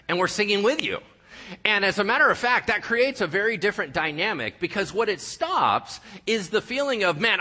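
A male pastor preaching a sermon in a church, animated and joking with his congregation. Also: on the high side. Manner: animated, jokey, talks to the congregation. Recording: live church hall with long reverb.

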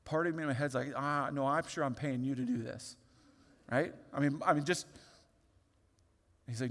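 A male pastor in his thirties tells a story from the pulpit, lively and open, often stopping and restarting his sentences. His mid-pitched voice carries a long reverb from a large hall. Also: normal speed, pauses often. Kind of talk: sermon storytelling.

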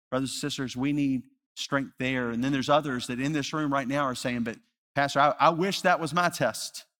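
A male pastor preaching a sermon, earnest, rising to loud emphasis and dropping to hushed, slow repetition. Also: medium pitch. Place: church sanctuary. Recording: reverberant church hall.

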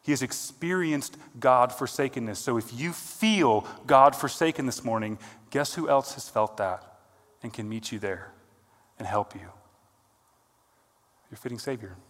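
A male pastor preaching a sermon, earnest, rising to emphatic peaks and then dropping quiet. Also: mid-range voice, measured pace, long pauses. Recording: long hall reverb.

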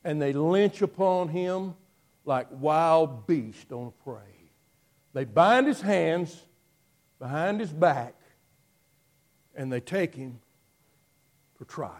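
A man preaching a sermon, telling the story dramatically and moving between hushed passages and loud ones. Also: on the high side, animated, slow, long pauses.

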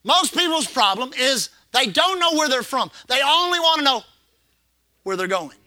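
A man's voice: very high-pitched, sing-song, moderate pace, pushed and bright, dry recording. A man preaching a sermon as pastor, repeating phrases and calling the congregation to respond. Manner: preaching with call-and-response and repetition.

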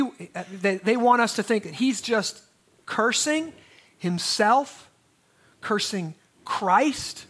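A man's voice: extremely high pitch, pushed and bright. A man preaching a sermon as pastor, in a conversational way with restarts and asides.

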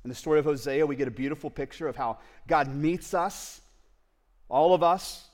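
A man preaching a sermon to a congregation, speaking to the mothers directly, dropping to tender near-whispers and rising to loud pleading. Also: on the high side, moderate pace. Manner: swings from hushed tender asides to loud pleading; addresses the audience directly. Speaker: pastor. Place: church service before a congregation.

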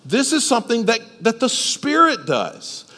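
Male pastor preaching, questions the congregation, widely varied pitch. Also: wildly swooping pitch, unhurried, sharp tone, long reverb tail. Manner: explains step by step, asks the listeners questions. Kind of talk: sermon. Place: church service.

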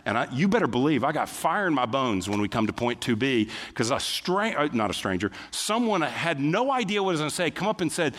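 A man's voice: mid-range voice, big pitch swings, fairly quick, hardly any pauses, fairly bright tone. A middle-aged male pastor preaching a sermon in a church, in a conversational way, acting out little quotes as he goes. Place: church sanctuary. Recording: long hall reverb.

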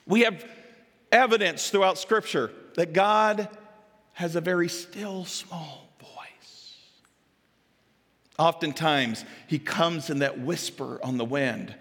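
Bright-voiced preacher in a reverberant hall. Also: male voice, fairly high pitch, a little slow. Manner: animated and dramatic, swinging from loud to hushed. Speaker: pastor. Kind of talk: sermon. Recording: echoey hall with long reverb.

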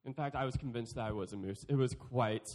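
A man's voice: medium pitch, a little fast, darkish tone. A young man giving a playful youth sermon, joking and acting out quotes. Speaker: youth speaker.

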